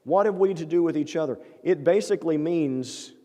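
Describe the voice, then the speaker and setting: A man's voice: on the high side, normal speed, dark tone. A male pastor preaching a sermon in a church, talking earnestly and conversationally and posing rhetorical questions to the congregation. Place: church sanctuary. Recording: long church-hall reverb.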